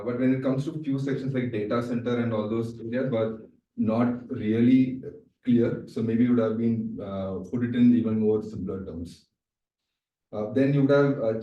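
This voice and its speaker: A man's voice: mid-range voice, warm tone, highs cut off. A man giving a club speech evaluation, hesitant, with many fillers. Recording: echoey room, distant mic.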